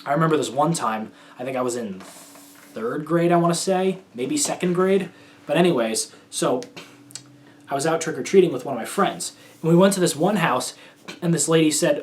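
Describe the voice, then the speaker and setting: A man's voice: fairly high pitch, moderate pace, slight background noise. A young man from the United States telling stories as a show host in casual solo talk, rambling and hesitant, with many fillers and restarts.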